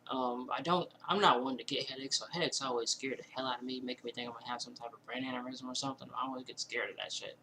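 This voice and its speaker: A man with a bright, forward voice at a middle pitch tells a casual personal story indoors at home. He rambles, acts out what he and others said, and fills gaps with "you know" and "like". A faint hiss sits under the recording. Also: quick pace, few pauses, low-quality recording. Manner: rambling, animated retelling with many fillers and quoted asides. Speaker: vlogger telling a personal story.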